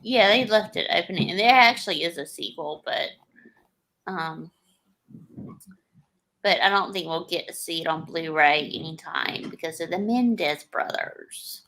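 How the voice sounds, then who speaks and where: A woman co-hosting a casual livestream chat, her voice on the low side. She speaks in a relaxed way and often pauses on um while she gathers her thoughts. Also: low-quality recording. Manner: relaxed, hesitant, many ums. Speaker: co-host.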